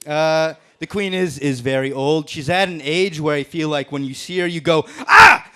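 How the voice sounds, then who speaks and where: A man's voice: fairly high pitch, normal speed, clean tone. A man doing a brash, profane stand-up roast set on a comedy club stage, laughing at his own jokes. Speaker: stand-up comic in a roast battle.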